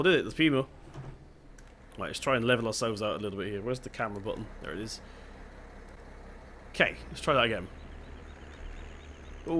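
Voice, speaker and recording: A young man from Devon with a soft local accent talks casually over his gameplay. He thinks aloud in an easygoing, chatty way at an ordinary middle pitch. A faint hum of game sound sits behind his voice. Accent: Devon English. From England (Devon). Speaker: gaming channel host.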